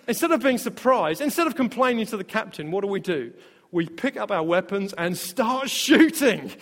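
A male pastor with a high voice preaches to his church, telling stories with energy and laughing along the way. His voice rings through a hall with a long reverb. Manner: storytelling, animated, laughs often. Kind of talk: sermon.

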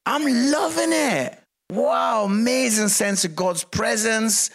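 A man's voice: sits high, slow pace, creaky, fairly bright tone. A middle-aged Scottish man preaching in a chatty, self-mocking way, telling funny stories that build to punchlines. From Scotland. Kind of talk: humorous storytelling sermon.

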